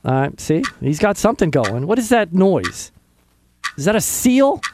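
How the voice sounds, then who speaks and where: Animated joking male radio host. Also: high-pitched, normal speed, noisy background. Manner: joking, self-mocking, talks to himself. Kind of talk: casual rambling radio chat. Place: radio studio. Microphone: studio microphone.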